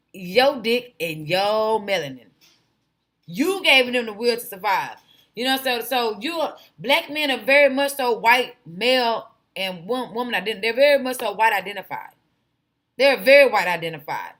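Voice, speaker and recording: Bright, sharp-voiced woman ranting on a livestream. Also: on the high side. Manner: rambling, tangent-prone, blunt; talks to her chat viewers directly. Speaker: livestream host. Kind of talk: casual livestream commentary.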